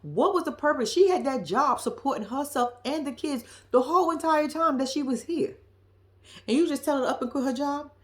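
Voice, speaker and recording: A woman's voice: high voice, lively intonation, fairly quick. A woman recapping a reality show episode for her viewers, blunt and profane, calling out the people on screen. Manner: blunt, profane, sassy, talks straight to viewers. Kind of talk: casual recap commentary.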